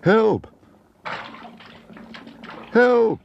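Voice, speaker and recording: A man's voice: medium pitch, wildly swooping pitch, normal speed, highs cut off, a little hiss or hum, voice pushed up. A man voicing a small, polite young male bear who talks in an earnest, solemn way in a cartoon. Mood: alarmed.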